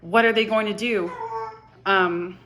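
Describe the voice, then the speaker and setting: Soft-spoken young woman telling a painful story. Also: mid-range voice, steady tone. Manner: halting, emotional, often soft and hushed. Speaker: vlogger. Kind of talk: personal confessional storytelling.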